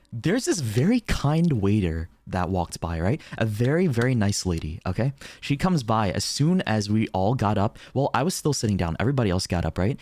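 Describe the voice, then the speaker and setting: A young man streaming, telling a story in casual chat, animated, laughing often and swearing casually. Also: fairly low pitch, dry recording.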